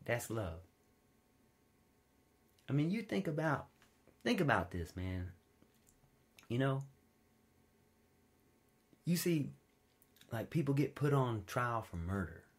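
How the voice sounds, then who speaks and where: A man delivers a sermon like a chat with friends, all "you know" and "man," drawing his listeners into personal stories. His voice sits at a middling pitch, leaping up high and loud for emphasis, then dropping low and hushed when he tells a story. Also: very animated, slow pace, long pauses. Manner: informal storytelling, wide swings in pitch and loudness, drops low and quiet for stories. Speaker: preacher. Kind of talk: conversational sermon.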